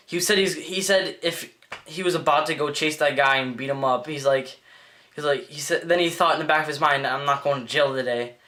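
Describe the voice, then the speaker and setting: Teen male vlogger, bright and slightly high voice, rambling and excitable storytelling. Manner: rambling, excitable, lots of "like" and restarts. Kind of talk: casual storytelling vlog.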